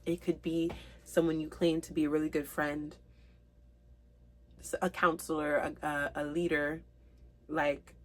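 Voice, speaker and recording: A woman with a somewhat low voice gives a spiritual tarot reading straight to her viewers. She speaks earnestly and with open emotion, slowing down to read each card's meaning aloud. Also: fairly even intonation. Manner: reads card meanings aloud slowly. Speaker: tarot reader.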